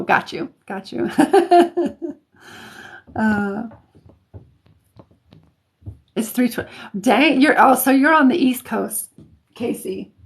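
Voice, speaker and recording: A woman's voice: on the high side, vocal fry, slightly rough. Chatty woman hosting a live reading stream. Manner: chatty, warm to viewers, many fillers and restarts. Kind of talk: casual live-stream chat.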